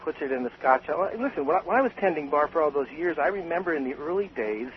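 Older guy on a radio show, lively storyteller, kinda muffled with a little hiss. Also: a little high, quick pace. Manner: animated storyteller, emphatic with laughs. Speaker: guest, cocktail author and former bartender. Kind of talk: radio interview. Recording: slightly dull radio sound with faint hiss.

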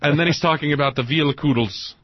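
A man co-hosting a radio show, telling stories in a halting way with repeated words. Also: fairly high pitch, no echo. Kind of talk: casual radio talk, storytelling. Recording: dull lo-fi radio broadcast.

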